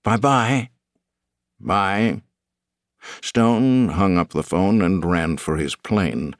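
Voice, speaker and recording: A male audiobook narrator with a very deep voice. His delivery is lively and expressive, with the pitch rising and falling freely. The sound is dry and close-miked. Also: takes it slowly, no room sound. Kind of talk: scripted narration.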